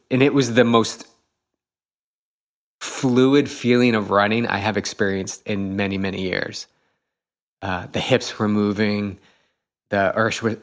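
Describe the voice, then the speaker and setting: Host type, middle-aged man, lowish voice, eager storyteller with a lot of "um"s. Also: fairly bright tone. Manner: enthusiastic, reflective, many fillers. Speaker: podcast host, triathlete. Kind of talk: casual storytelling chat.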